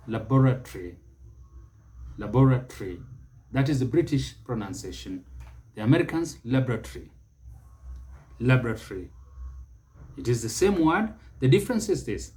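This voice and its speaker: A man with a Kenyan accent teaching English pronunciation, speaking deliberately and repeating each word for emphasis. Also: mid-range voice, darkish tone.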